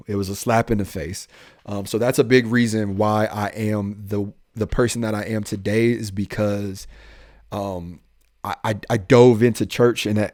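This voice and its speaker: A young man, a police officer, telling his life story in a casual podcast chat, goofy and animated, acting out the lines he quotes. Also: fairly low pitch, no echo, clean studio sound.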